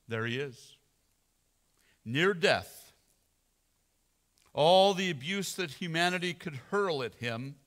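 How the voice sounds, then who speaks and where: Male senior pastor, dramatic sermon delivery, unhurried, bright and forceful. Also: fairly high pitch, expressive. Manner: slow dramatic preaching, swelling and dropping to near whisper.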